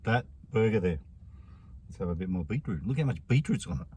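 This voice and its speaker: A man's voice: low-pitched, animated, a little fast, dark tone, a little hiss or hum. An Australian man chatting casually in a food review vlog, rambling and slangy.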